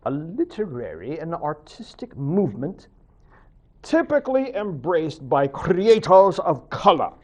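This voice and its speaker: A man lectures to his students in a chatty, joking way, slipping asides between his points. His voice sits a bit high and moves around animatedly. The recording sounds dull and lo-fi. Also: wildly swooping pitch, a little slow, a little mellow. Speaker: professor.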